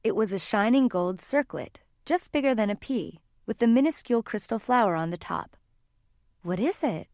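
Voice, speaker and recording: A woman narrating a fantasy audiobook in a calm, even storytelling manner. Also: a little high, brisk, few pauses, no echo, studio quality. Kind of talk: scripted narration.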